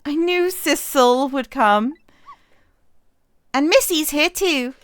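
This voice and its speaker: A woman voicing an eager, loyal little male dog as she reads game dialogue aloud, high and drawn out. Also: slow, no echo. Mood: happy.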